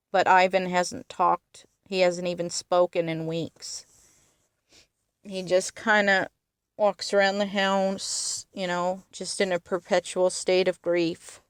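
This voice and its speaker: A woman's voice: fairly low pitch, clear, resonant tone, no echo, clean studio sound. A woman retelling a film's plot in earnest detail, stressing its emotional moments. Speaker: film reviewer.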